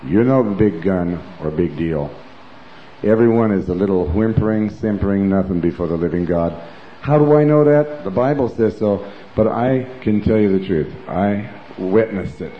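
A man's voice: lowish voice, expressive, moderate pace, slight background noise. A man giving an emphatic, rambling personal testimony as a preacher, full of asides like "you know". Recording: roomy, dull lo-fi recording.

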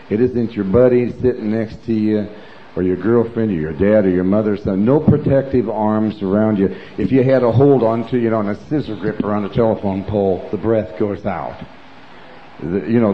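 A man's voice: lowish voice, slight background noise. A man giving an emphatic, rambling personal testimony as a preacher, full of asides like "you know". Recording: roomy, dull lo-fi recording.

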